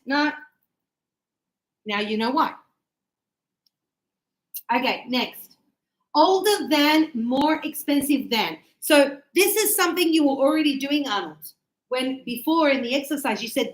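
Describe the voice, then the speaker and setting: A woman teaching English in a live class, chatty and animated, acting out little dialogues as she explains. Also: high voice, a little slow, pauses often, reverberant, low-quality recording.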